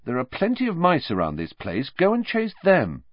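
A man doing Harry, a gruff suspicious boy. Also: fairly high pitch, wildly swooping pitch, moderate pace, no echo, dull audio, pitched above the performer's own voice. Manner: suspicious, scolding tone. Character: young teenage boy wizard, stubborn.

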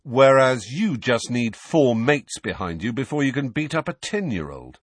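A man voicing a defiant, sharp-tongued teenage boy who mocks his cousin. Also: mid-range voice, big pitch swings, moderate pace, husky, no room sound, voice pushed up. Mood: sarcastic. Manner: mocking, sarcastic.

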